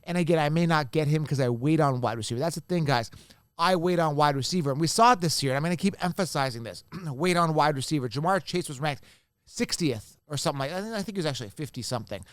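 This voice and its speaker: Male podcast host, smooth clear voice, animated casual delivery, dry close recording. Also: a little high, quick pace, no echo. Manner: animated, repeats points, addresses viewers as guys. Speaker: fantasy football podcast host. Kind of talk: casual solo commentary.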